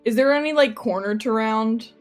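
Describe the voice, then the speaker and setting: A woman's voice: on the high side, normal speed, soft background music. Chatty woman playing a tabletop game. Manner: chatty, playful. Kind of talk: casual chat.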